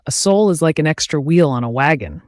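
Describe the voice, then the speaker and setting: A ragged old sailor prophet, put on by a man reading the story, talking high and restless. He mocks and warns in riddles and swings his voice up and down a lot. The sound is close and dry. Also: lively intonation, a little fast, dry recording, natural voice. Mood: mocking, ominous. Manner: cryptic, mocking, insistent. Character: shabby, scarred old sailor, ominous rambling prophet.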